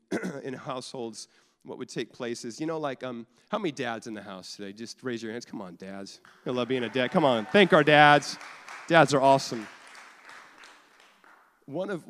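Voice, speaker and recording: A man's voice: fairly low pitch, smooth. A man in his thirties, a pastor giving a casual, joking sermon to a church, often restarting his sentences. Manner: conversational, jokey, repeats and restarts often. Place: church sanctuary. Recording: long hall reverb.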